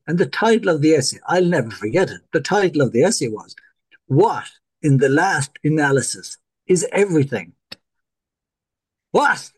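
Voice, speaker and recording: A middle-aged Irish man, a podcast guest, telling stories in lively fashion and acting out dialogue. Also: fairly high pitch. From Ireland. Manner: animated, acts out dialogue in his stories. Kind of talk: storytelling in a podcast interview.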